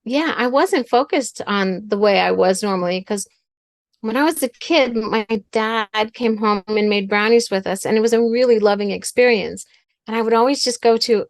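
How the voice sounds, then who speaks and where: A woman's voice: fairly high pitch, normal speed, no room sound. A middle-aged woman speaks as a guest on a talk show, teaching through a story from her own family life. Her delivery is earnest, and she often repeats words and phrases as she works through a point. The recording is dry and close, with little room sound.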